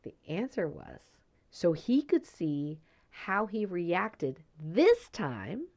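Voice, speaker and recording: Gravelly animated woman podcaster. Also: fairly low pitch, extremely slow. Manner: animated storytelling, acts out quoted voices; conversational, tag questions and fillers. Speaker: podcast host and energy healer. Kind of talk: solo podcast talk.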